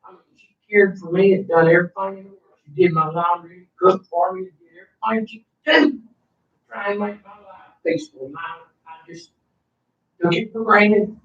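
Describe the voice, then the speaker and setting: A man's voice: high voice, fairly even intonation, moderate pace. An older man, telling a heartfelt personal story in a rambling way, repeating himself. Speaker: interviewee. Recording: roomy, distant, dull recording.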